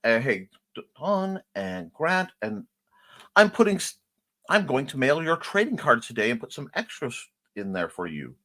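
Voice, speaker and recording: Male stream host, chatty, animated, reads chat aloud. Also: medium pitch, moderate pace. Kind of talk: casual livestream chat, reading out comments.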